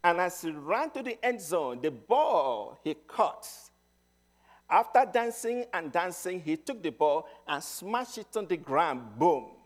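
A middle-aged man preaching a sermon, telling stories with emphasis and swinging between loud and hushed. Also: fairly high pitch, big pitch swings, slow.

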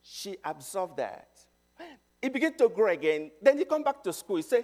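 High, lively-voiced preacher man. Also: moderate pace. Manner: emphatic, storytelling, swings between loud and hushed. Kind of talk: sermon.

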